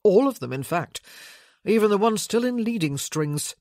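A woman reading the part of a guarded, sardonic young gentleman in an audiobook, giving dry, clipped replies. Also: mid-range voice, lively intonation, moderate pace, no echo, pitched above the performer's own voice, close to an everyday voice. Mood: wry guarded. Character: wry young male rake, guarded and sardonic.

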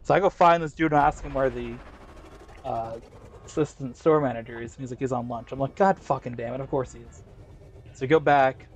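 Man, gaming host, casual rambling chat, swears a lot, slang fillers, mid-pitched voice. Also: steady tone, a little fast. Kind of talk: casual chat while racing in a game.

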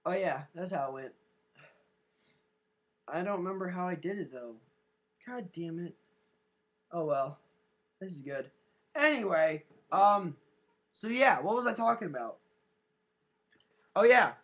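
A man's voice: high-pitched, expressive, a little slow, pauses often, fairly bright tone. A man rambling in a goofy, casual way into his webcam, with silly sound effects. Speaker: webcam vlogger. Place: at home in front of a webcam. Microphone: built-in webcam mic.

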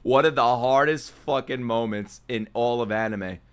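A young man streaming an anime reaction, casual and profane, swinging between yelling and muttering. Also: mid-range voice, moderate pace, noisy background.

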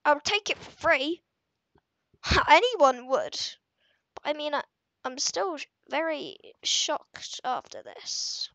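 A woman's voice: sits high, sing-song, slow pace, fairly bright tone, dry recording, lo-fi sound. A woman rambling through casual gameplay commentary for her channel, with lots of fillers and self-conscious asides. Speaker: gaming video creator.

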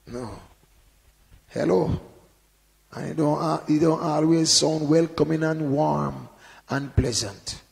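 Gravelly man preaching in a reverberant hall. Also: a little high, slow pace, long pauses. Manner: conversational preaching with frequent "you know" and sudden loud emphasis. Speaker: Bible teacher. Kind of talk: informal sermon.

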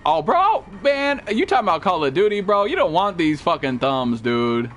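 A young man streaming a survival game live, excitable and profane, yelping and shouting at enemies as he plays. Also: a little high, normal speed. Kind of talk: live gaming commentary. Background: game music.

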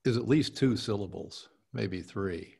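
A male podcast host reciting a historic speech slowly and deliberately, then chatting haltingly about it with his coach. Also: lowish voice, creaky, a little mellow, husky. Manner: slow, measured recitation, halting in chat.

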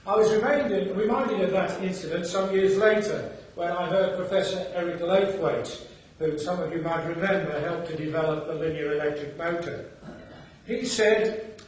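A man in his sixties, a bishop, giving a formal lecture with measured delivery and dry wit. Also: high-pitched, a little hiss or hum. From England, Birmingham. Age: 60s. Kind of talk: formal after-dinner lecture. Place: large hall. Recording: echoey hall, from far off.

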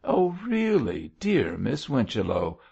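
A man's voice: on the low side, sing-song, slow pace, creaky, breathy edge, full character voice. A man reading an audiobook voices a simpering, affected spinster who gushes coyly. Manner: gushing, coy. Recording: dull lo-fi audio.

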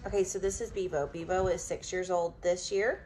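A woman chatting casually at home about her pets, animated, slipping into baby talk with the dogs. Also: fairly low pitch, brisk, a little hiss or hum, low-quality recording. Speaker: vlogger and dog owner. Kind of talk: casual chat.

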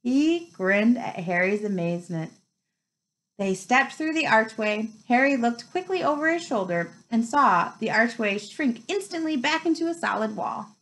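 A woman reads a children's novel aloud at a home pace. Her fairly high voice swings lively through each sentence, giving the narration an animated, storytelling feel. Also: normal speed, rough recording. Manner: expressive storytelling. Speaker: reader.

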